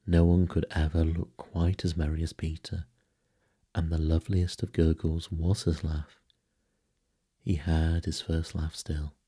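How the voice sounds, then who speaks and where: A man narrating a bedtime sleep story in a soft, hushed way, sometimes whispered. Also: rumbling low, monotone, measured pace, husky.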